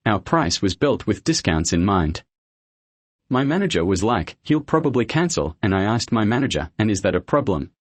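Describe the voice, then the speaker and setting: A man's voice: on the low side, husky, no echo. A man reading a revenge story aloud in a dry, matter-of-fact way. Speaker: story narrator.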